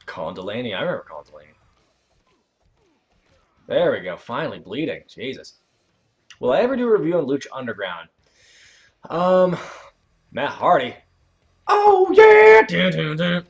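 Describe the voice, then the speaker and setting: A man hosting a casual livestream, chatting while he plays a video game. He rambles and corrects himself, and breaks into sudden loud outbursts at the game. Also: medium pitch, sing-song, normal speed, long pauses, highs cut off. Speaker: channel host.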